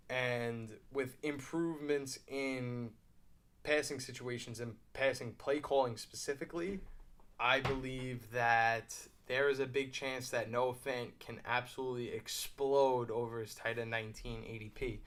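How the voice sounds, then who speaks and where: A man hosting casual fantasy football commentary, thinking aloud with fillers and quick asides while drafting at his computer. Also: mid-range voice, a bit bright. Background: mouse clicking.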